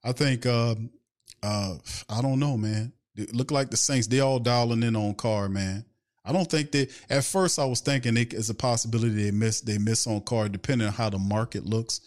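A man hosts a casual sports fan podcast and talks in an animated rant. He fires off rhetorical questions one after another and stops to answer questions viewers send in. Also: medium pitch, moderate pace. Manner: takes viewer questions from chat.

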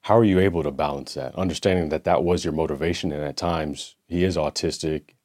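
A man with a very deep voice hosts an interview show, setting up his questions at length with frequent restarts. The sound is dry and close, with no room around it. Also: brisk, dry recording. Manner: warm-up questions with long, rambling setups and restarts. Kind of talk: conversational interview.

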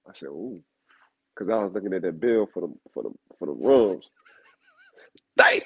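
A man's voice: low voice, sing-song, fast, creaky, warm tone, husky, dull audio. A man co-hosting a football talk show, telling stories and repeating names for emphasis in casual chat. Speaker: football analyst co-host.

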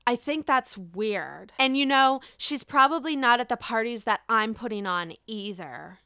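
Breezy reality-star gal, bright and crisp, self-assured filler-laden chatter as a woman mimics her. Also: fairly high pitch, animated, measured pace, dry recording, studio quality, full character voice.

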